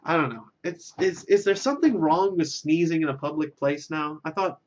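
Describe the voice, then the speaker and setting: A man's voice: on the high side, expressive, moderate pace, darkish tone, highs cut off. A man delivering a rambling, self-deprecating comic monologue, with lots of filler words and restarts. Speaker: vlogger.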